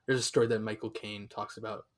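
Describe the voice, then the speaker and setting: A man's voice: on the low side, level tone, quick pace, a little hiss or hum. A young man co-hosting a podcast in casual chat, rambling with lots of fillers and restarts. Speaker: podcast co-host.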